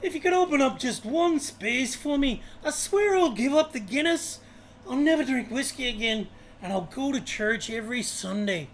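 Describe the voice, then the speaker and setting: A desperate Irish bloke, high-pitched and loud, begging the heavens for a parking space, as an Australian man puts on the accent for a gag. He pleads theatrically and lays it on thick. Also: lively intonation, normal speed, a little hiss or hum. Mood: pleading. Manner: pleading, theatrical joke-telling.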